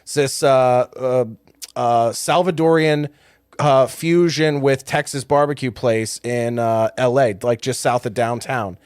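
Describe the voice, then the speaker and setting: A man who is a comedian guest on a podcast, talking casually and often pausing on fillers. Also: mid-range voice, fairly even intonation, a little mellow, smooth, no room sound, clean studio sound. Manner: halting, lots of uh fillers.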